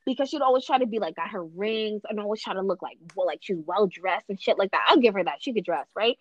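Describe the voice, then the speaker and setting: A woman telling family stories in casual chat, profane and animated. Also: mid-range voice, fast, no room sound, highs cut off.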